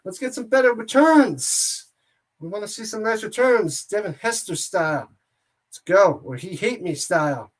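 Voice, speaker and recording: An excitable man calls a football game play by play for a watch-party stream. He is loose and joking, drifting into asides between snaps and shouting when a big play lands. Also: high-pitched, normal speed. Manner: jokey and excitable, rambles between plays. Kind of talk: casual play-by-play commentary.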